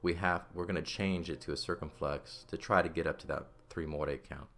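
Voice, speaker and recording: Very low-voiced man teaching a lesson. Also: steady tone, fairly quick, a bit bright. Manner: explanatory, checks in with "okay?" and "right?". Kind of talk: recorded language lesson.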